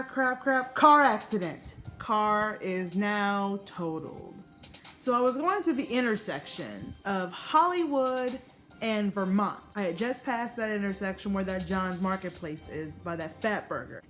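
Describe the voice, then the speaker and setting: Profane, animated woman telling a story. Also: mid-range voice. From United States. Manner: animated, profane, acts out quotes in raised voices. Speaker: vlogger. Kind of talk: casual storytime vlog.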